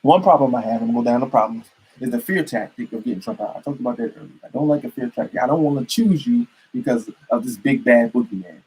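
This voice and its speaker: A man's voice: mid-range voice, fast talker, a little mellow, husky, poor audio. A man giving an emphatic, repetitive political rant to camera as a commentator.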